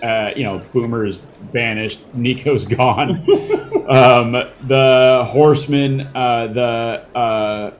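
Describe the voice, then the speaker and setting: A man's voice: medium pitch, fairly even intonation, slow, a little hiss or hum. A man narrating a tabletop game as game master, rambling with many fillers and casual swearing.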